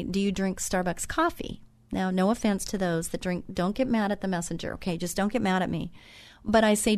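A middle-aged woman with a lowish, darkish voice hosts her own radio talk show, delivering a motivational monologue in a chatty, folksy storytelling style. Earnest and a little preachy, she repeats her lessons for emphasis and fills pauses with um and uh.

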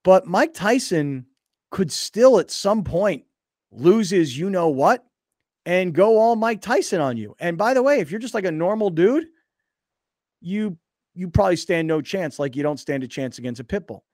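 A sports radio host with a fairly high voice that swings up and down as he tells his stories. He acts out little scenes, and the studio sound is dry and close. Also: normal speed, dry recording. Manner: animated storytelling, acting out scenes. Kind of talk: casual sports talk.

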